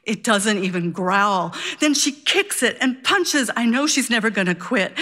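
A woman telling a personal story live on stage, vivid and animated. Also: high-pitched, measured pace, few pauses. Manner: vivid, animated, childlike wonder.

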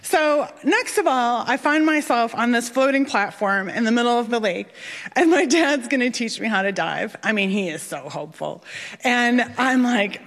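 A woman telling a personal story on stage with an animated, self-deprecating comic delivery. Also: on the high side, normal speed. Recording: reverberant hall.

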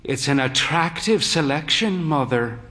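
A man's voice: on the high side, animated, unhurried, sharp tone. Man doing a fey, flamboyant aging dandy. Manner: theatrical, camp, crooning. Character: thin, fey man in late middle age, flamboyant.

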